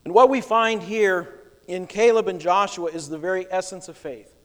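A male pastor preaching a sermon with emphatic delivery, swinging between soft and loud. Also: high voice, moderate pace, long reverb tail.

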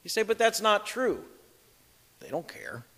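Man, preacher, emphatic sermon, high voice, echoing hall. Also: wildly swooping pitch, measured pace, creaky, sharp tone. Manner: emphatic, reads scripture aloud with commentary. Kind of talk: expository sermon.

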